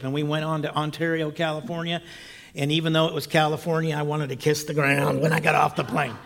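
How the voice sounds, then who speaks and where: A man preaching, telling a personal story in a lively, animated way with loud bursts and quiet asides. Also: fairly high pitch, fast talker, creaky. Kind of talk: storytelling sermon.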